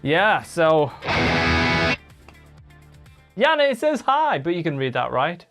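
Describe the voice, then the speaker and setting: Low-voiced woman chatting on a livestream. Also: big pitch swings, takes it slowly, over loud music. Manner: chatty, reads viewer comments aloud and answers them. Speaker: live-streaming guitarist. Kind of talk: casual live-stream chat.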